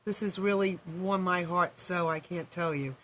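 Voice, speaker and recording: A woman hosting a radio talk show, emotional and sentimental, her voice going a little hoarse. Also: on the low side, moderate pace, fairly bright tone, slight background noise.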